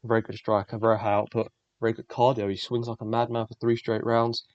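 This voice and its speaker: A man's voice: on the low side, level tone, quick pace, dry recording. A young man, the host, giving blunt, profane, rambling fight predictions in casual solo commentary. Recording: dull lo-fi dry recording.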